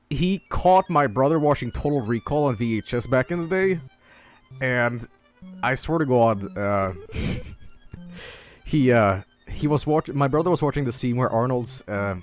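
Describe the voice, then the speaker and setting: A young man casually telling stories on a stream, halting and swearing, breaking into laughter. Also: medium pitch. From Sweden.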